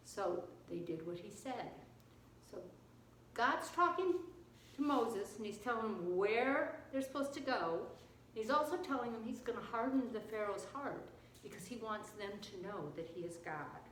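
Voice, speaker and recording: A woman teaching children, retelling and explaining a Bible story in an expressive way. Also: on the high side, a little slow, a little hiss or hum. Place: church. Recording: echoey room, distant mic.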